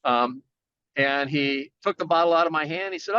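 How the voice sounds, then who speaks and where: A man's voice: fairly high pitch, normal speed, bright, forceful tone, clear, resonant tone, no echo, highs cut off. A man telling a long personal story as a guest in casual talk, acting out the people he quotes in a raised voice. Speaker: guest, general contractor.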